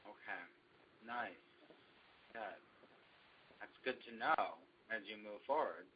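A man's voice: fairly low pitch, expressive, takes it slowly, a little hiss or hum. Rambling man leading a spiritual group. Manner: rambling, with many fillers and restarts. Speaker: meditation group leader. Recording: dull lo-fi recording.

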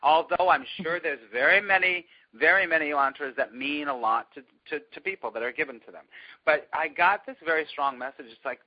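A man telling a long personal story to a small group in a casual, animated way, often laughing as he goes. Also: a little high, fairly quick, breathy edge, lo-fi sound.

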